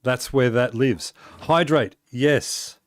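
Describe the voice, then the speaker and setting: An Australian man talks easily through a live game stream, answering his chat and laughing a lot. His voice sits in a middle pitch. The sound is dry and close. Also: takes it slowly, no room sound. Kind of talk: casual gaming stream chat.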